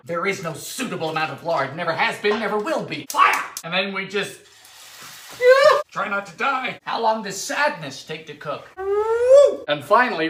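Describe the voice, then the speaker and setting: A man hosting a baking video, narrating in a theatrical, sardonic way with sudden high-pitched exclamations, in a home kitchen. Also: sharp tone. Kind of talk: comedic cooking narration. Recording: echoey room sound.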